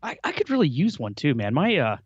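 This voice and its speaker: A man's voice: a little high, huge pitch swings, fast talker, slightly rough, dry recording, lo-fi sound. A man co-hosting a podcast over a remote call, chatting casually with dry, wry humor. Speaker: podcast co-host.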